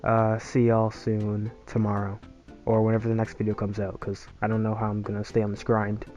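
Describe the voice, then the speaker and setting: A man's voice: fairly low pitch, monotone, a little fast, dark tone, faint music behind. A young man from the United States venting in a casual, exasperated and sarcastic rant, recorded as a voice-over for a gameplay video. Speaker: YouTuber. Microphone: voice-over, no face cam.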